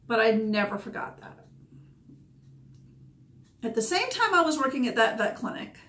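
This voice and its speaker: A woman's voice: on the high side, very animated, moderate pace, a bit bright. A woman, a dog groomer candidly recounting past events in short, emotional bursts. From Georgia, USA. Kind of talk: personal storytelling. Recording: echoey room.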